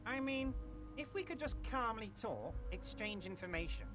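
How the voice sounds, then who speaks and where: A smooth, ingratiating union boss voiced by a performer who reassures while scheming. His delivery swoops up and down, and game music plays clearly behind him. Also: medium pitch, lively intonation, normal speed, natural voice.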